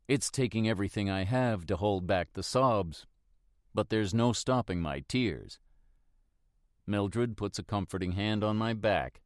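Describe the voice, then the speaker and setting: A man narrating a first-person mystery audiobook in a steady, reflective manner. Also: fairly low pitch, a little slow, dry recording, studio quality.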